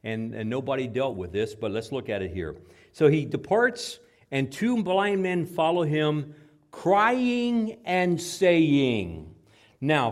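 A man preaching a sermon in church, animated, repeating words and acting out the quotes. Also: fairly high pitch. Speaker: pastor. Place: church with microphone.

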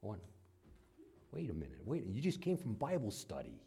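A man preaching a sermon, moving between loud emphatic passages and quiet conversational asides, and acting out the voices he quotes. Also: mid-range voice, wildly swooping pitch, fairly quick, creaky. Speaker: pastor.

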